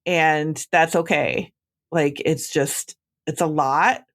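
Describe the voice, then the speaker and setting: A woman's voice: low-pitched, steady tone, slow pace. A woman podcast host with a chatty, reassuring way of talking, giving advice in a casual conversation with many "like" fillers.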